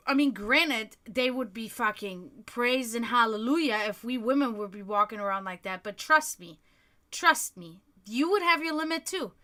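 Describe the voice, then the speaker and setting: Her voice sits fairly high with lively intonation and a sharp edge. This European livestream host is on a fast, heated, profanity-heavy rant in casual conversation.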